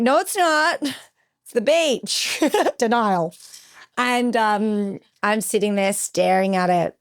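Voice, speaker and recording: A young woman recounting a personal ordeal as a podcast guest, with vivid retelling and acted-out quotes. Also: lowish voice. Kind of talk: emotional personal storytelling.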